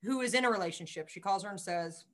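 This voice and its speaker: A woman's voice: medium pitch, fast. A woman co-hosting a podcast, telling candid, profane dating stories in casual chat. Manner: candid, profane storytelling with quoted voices. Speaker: podcast co-host.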